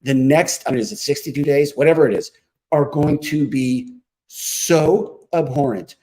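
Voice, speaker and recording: A man's voice: fairly high pitch, moderate pace, warm tone, poor audio. A man giving emphatic, combative political commentary as a guest on a talk show. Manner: emphatic, combative, punchy rhetoric.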